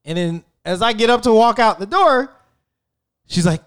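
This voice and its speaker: A man in his thirties casually telling a story in an animated, slangy way, with frequent swearing. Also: sits high, normal speed, smooth. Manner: animated, profane, slangy and conversational.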